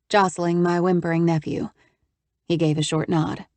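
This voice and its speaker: Low-voiced woman reading an audiobook. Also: level tone, moderate pace, a little mellow, dry recording. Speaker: audiobook narrator. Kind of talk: scripted audiobook narration.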